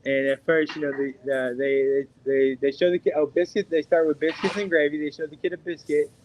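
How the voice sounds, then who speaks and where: A man's voice: on the high side, level tone, fairly quick, dull audio, slight background noise. Rambling, profane man on a podcast. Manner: rambling, profane, heavy on "like" fillers. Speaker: podcast co-host. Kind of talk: casual podcast chat.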